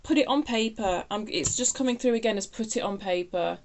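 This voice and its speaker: A woman's voice: on the high side, a little fast, darkish tone. A woman giving a casual tarot reading, chatty and self-interrupting, laughing at her own remarks. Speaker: tarot reader.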